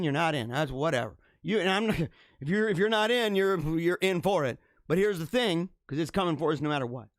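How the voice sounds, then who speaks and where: Male host, fervent preachy delivery with big loud-soft swings, somewhat high voice. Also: no echo, studio quality. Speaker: host of a live religious show. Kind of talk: impassioned live-stream monologue.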